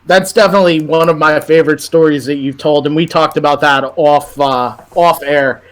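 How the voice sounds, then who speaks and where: A man's voice: on the high side, steady tone, normal speed. A man hosting a wrestling podcast, asking long rambling questions in a casual, friendly way. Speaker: podcast host. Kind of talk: casual interview chat.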